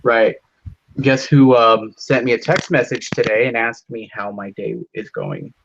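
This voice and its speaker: A man's voice: mid-range voice, expressive, measured pace, gravelly, a bit bright, a little hiss or hum. A young man rambling through a story in casual chat with a friend, with many fillers and swearing. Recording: dull lo-fi sound.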